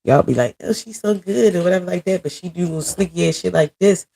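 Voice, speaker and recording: A woman with a low, gravelly voice and a dark, husky tone, speaking straight to her audience in a casual vlog. She vents bluntly and swears freely, laying out her grievances in a loose, conversational rant. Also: quick pace. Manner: blunt, profane, venting angrily. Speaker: vlogger.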